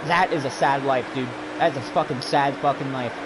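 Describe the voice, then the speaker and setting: A man with a mid-range voice streams a racing game at a moderate pace, furiously ranting and swearing nonstop at another player. The recording is very noisy.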